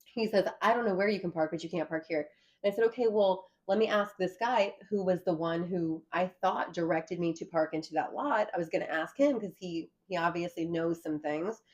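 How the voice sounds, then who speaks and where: A woman giving an earnest, animated account of her arrest during a conversation. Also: on the low side, brisk, lo-fi sound. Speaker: guest recounting an arrest.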